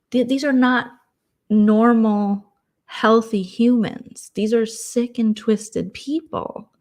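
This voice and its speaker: A woman's voice: medium pitch, darkish tone. A woman talks to her viewers in a casual late-night vlog. Her voice sits in a middle range, and she tells stories with exasperated sarcasm. She slips into mocking voices for the people she quotes. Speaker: vlogger host.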